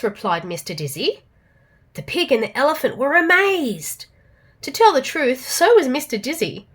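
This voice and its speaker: Aussie mum storyteller for kids, lively and rather high voice. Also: female voice, normal speed, husky. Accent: Australian. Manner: expressive, animated reading. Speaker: children's storyteller. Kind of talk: storybook read-aloud for children.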